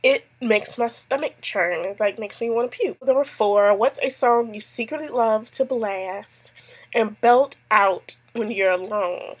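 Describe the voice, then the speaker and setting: A woman's voice: on the high side, a little slow, husky. A woman, a mother, chatting casually to camera as she answers a tag, telling stories with lots of asides. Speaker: YouTube vlogger answering a tag.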